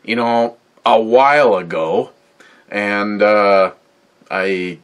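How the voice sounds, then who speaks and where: A man's voice: lowish voice, very slow, clean tone. A man in his sixties hosting a beer review in casual chat to camera, rambling and profane, with wisecracks and asides to a voice assistant. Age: 60s. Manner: talks back to a voice assistant.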